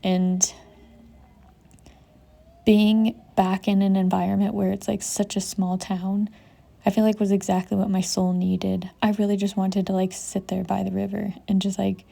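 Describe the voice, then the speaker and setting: A young woman vlogging outdoors on a mountain trip. She talks in a soft, reflective and emotional way, saying "like" constantly and sometimes dropping into a whisper. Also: medium pitch, gravelly. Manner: soft, emotional, heavy use of "like", drifting into whispers. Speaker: travel vlogger. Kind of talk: reflective casual vlog talk.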